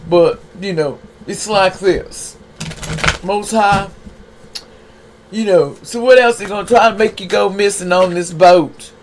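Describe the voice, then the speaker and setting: A high-voiced man gives an unhurried, casual, streetwise tarot card reading, speaking straight to the viewer and repeatedly asking rhetorical questions. A faint hiss runs beneath his voice.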